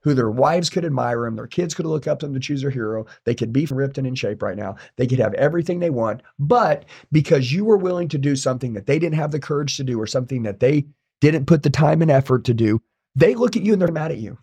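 Fast-talking, blunt motivational man. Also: mid-range voice, lively intonation, mellow, breathy edge. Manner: intense, blunt and profane. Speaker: guest. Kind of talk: motivational interview talk.

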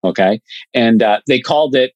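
A man's voice: medium pitch, moderate pace, darkish tone, no room sound, highs cut off. A man guest on a podcast, explaining cause marketing ideas in a chatty, casual way with lots of fillers and examples.

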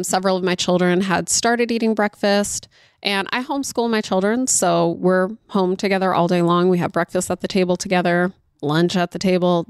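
A mother who homeschools, telling a story in a chatty, animated way and talking straight to her listeners. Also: mid-range voice, clean tone, no echo, studio quality. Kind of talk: casual storytelling monologue.

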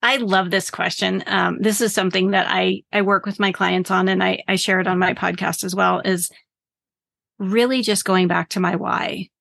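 Woman coach with gravelly voice. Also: mid-range voice, flat delivery, normal speed, fairly bright tone. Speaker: business coach guest. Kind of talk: casual podcast interview.

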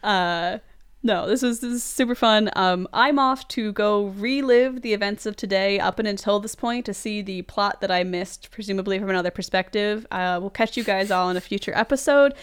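A woman's voice: medium pitch, moderate pace, clear, resonant tone. A woman hosting a film podcast, chatting casually with a guest and laughing often. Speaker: podcast host.

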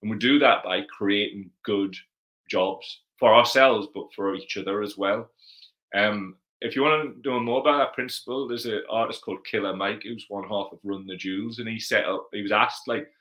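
A Geordie man chats through a casual livestream Q&A in a lowish voice with a bright, forceful edge. He is blunt and sweary, reading out viewer comments and answering them straight. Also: moderate pace, poor audio. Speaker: livestream host.

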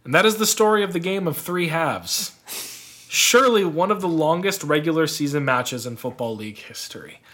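A man's voice: on the high side, lively intonation, normal speed, fairly bright tone. A young man co-hosting a podcast, telling a sports story in casual chat, rambling and laughing often. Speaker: podcast co-host.

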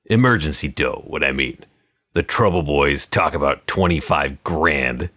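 A man's voice: rumbling low, measured pace, bright, forceful tone, heavily acted. A man voicing a hard, wary male gangster on the run, in clipped, guarded tough-guy talk. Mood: grim. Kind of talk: audiobook character voice.

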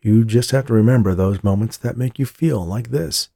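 Man doing a soothing charming medium, gentle, low gravelly voice, dark tone. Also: normal speed, dry recording, studio quality. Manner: gentle, reassuring.

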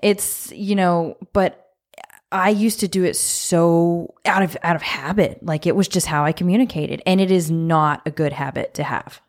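A middle-aged woman co-hosting a casual podcast, frank and direct, a naturally loud talker. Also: fairly low pitch, steady tone, moderate pace. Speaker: podcast co-host.

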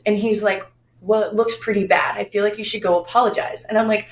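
A woman's voice: mid-range voice, fast, roomy sound, poor audio. A woman co-hosting a podcast, telling stories in casual chat and acting out the lines of the people in them. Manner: animated, acts out quoted dialogue. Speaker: podcast co-host.

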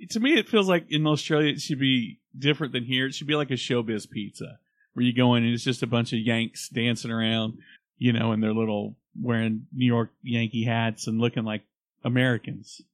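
A man's voice: mid-range voice, steady tone, fairly quick, dry recording. A man co-hosting a podcast in casual banter, joking and laughing often. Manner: joking, laughs often, does mock accents. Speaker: podcast co-host.

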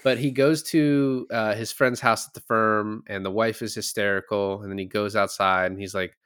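A young podcast co-host with a fairly low, clear, resonant voice that's a bit bright talks casually about a movie at a normal speed. His intonation is fairly even as he rambles with many fillers and restarts, recorded in studio quality without echo.

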